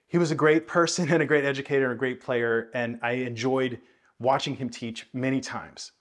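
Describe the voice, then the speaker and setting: A man teaching jazz bass in a video lesson, explaining thoughtfully with many hedges and counting and scatting rhythms aloud. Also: steady tone, normal speed. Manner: thoughtful, hedging explanations with frequent "I think".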